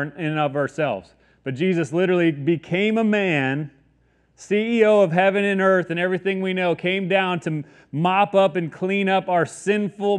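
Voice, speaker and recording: A young adult man preaching a sermon as pastor, in a casual, conversational way with many asides. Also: a little high.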